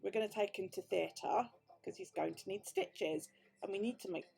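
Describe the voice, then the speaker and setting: A woman's voice: medium pitch, normal speed, vocal fry, a little mellow, husky. A British woman vlogger telling a story in casual chat, swearing freely and acting out the quoted dialogue. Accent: British English. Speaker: crafting vlogger.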